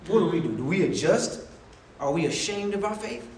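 A fairly high-voiced man delivering a sermon, talking with his congregation and acting out his characters' lines. He sounds set back from the mic in an echoey room with faint ambience behind him. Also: animated, a little fast, darkish tone, far from the mic, a little hiss or hum. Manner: conversational preaching, acting out quoted voices. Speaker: preacher.

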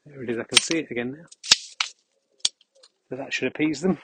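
Deadpan man rambling on a walk. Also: medium pitch, brisk, pauses often, heavy background noise. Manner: deadpan, absurd asides. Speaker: podcast host. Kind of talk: rambling comic monologue. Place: outdoors on a dog walk.

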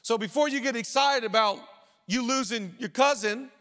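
High-voiced male pastor in echoing hall. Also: moderate pace. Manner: lively preaching with joking asides; repeats phrases for emphasis. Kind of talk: sermon. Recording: long reverb of a large hall.

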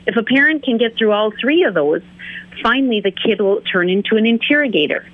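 A woman's voice: expressive, fairly quick, no room sound. A woman guest, an author and teacher, explaining behavior and acting out the people in her examples. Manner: acts out quoted voices with big pitch jumps. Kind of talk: interview on a call. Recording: tinny phone line.

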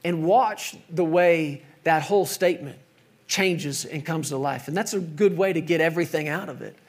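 A middle-aged man preaching a sermon in a conversational way, sometimes dropping to soft, emphatic tones. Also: fairly high pitch, moderate pace. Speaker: pastor.

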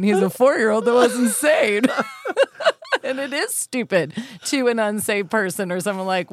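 A woman's voice: medium pitch, expressive, moderate pace, creaky. A woman in her thirties co-hosting a faith podcast, chatting casually and telling family stories with frequent laughter. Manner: chatty storyteller, laughs often. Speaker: podcast co-host. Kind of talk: casual chat.

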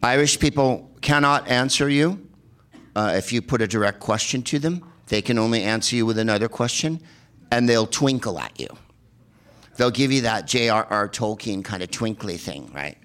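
A man's voice: mid-range voice, normal speed, fairly bright tone. A man telling rambling, sardonic comic travel stories, with plenty of swearing and filler words. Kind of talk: comedic travel storytelling.

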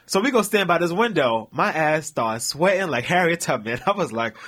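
A man's voice: a little high, expressive, normal speed, fairly bright tone, a little hiss or hum. A young man co-hosting a podcast, telling a long story in casual chat, laughing and acting out what people said. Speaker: podcast co-host.

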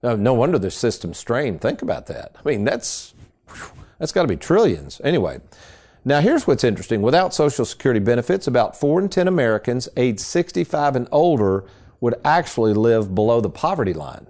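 A man's voice: medium pitch, sing-song, fairly quick, a little mellow. Folksy man hosting a radio show. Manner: folksy storytelling. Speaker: financial advisor and radio host. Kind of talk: casual radio talk.

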